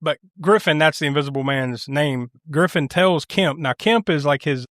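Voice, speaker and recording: Co-hosting a casual movie review podcast, a man walks through a film scene by scene, doing funny voices for the lines, swearing and laughing often. His voice is on the high side at a normal pace. The recording is dry, with clean studio sound.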